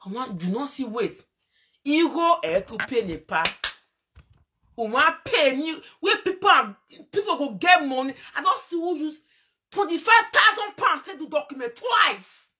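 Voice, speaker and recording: Woman, Nigerian Pidgin accent, high-pitched, bright tense tone, emphatic host monologue, repeats phrases. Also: very animated, measured pace. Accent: Nigerian Pidgin English. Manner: emphatic, repeats phrases, laughs and scolds, sudden loud outbursts. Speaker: online show host. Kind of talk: animated commentary monologue.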